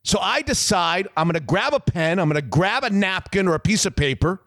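Loud, animated man in his fifties. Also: high-pitched, brisk, no echo, studio quality. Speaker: sports radio host. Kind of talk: casual chat and storytelling.

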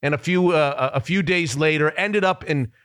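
High bright-voiced man telling a story. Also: normal speed, smooth, no echo, clean studio sound. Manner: animated, dramatic storyteller who laughs at himself. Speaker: sports radio host. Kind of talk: casual podcast storytelling.

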